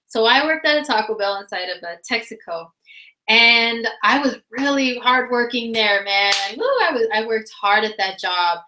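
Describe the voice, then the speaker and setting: A woman telling a funny personal story in a casual, animated way, laughing often and using lots of fillers. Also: a little high, moderate pace. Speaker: vlogger. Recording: roomy echo.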